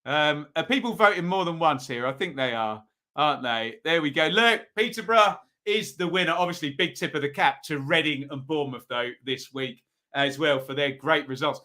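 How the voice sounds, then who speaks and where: A man's voice: a little high, moderate pace, pushed and bright. Chatty man hosting a football stream. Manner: chatty, reading out viewer votes, frequent ums. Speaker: football review host. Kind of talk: casual live-stream commentary.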